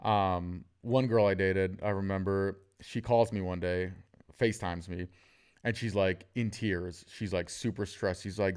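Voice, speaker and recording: A man's voice: low-pitched, fairly even intonation, unhurried, darkish tone, clear, resonant tone. A man hosting a casual podcast, telling jokey stories and acting out the people in them. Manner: storytelling, jokey, acts out quotes. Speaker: podcast host.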